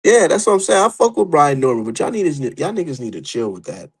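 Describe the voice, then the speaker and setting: A young adult man giving profane, heated, animated commentary as a boxing streamer. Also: a little high, quick pace, slightly rough, low-quality recording. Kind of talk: casual ranting commentary.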